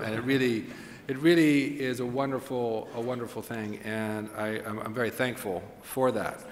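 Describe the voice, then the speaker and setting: A man from the United States speaking on a panel, earnest and halting, with many restarts. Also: medium pitch, a bit bright. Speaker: panelist chef. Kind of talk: panel discussion on stage. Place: large auditorium. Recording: long hall reverb.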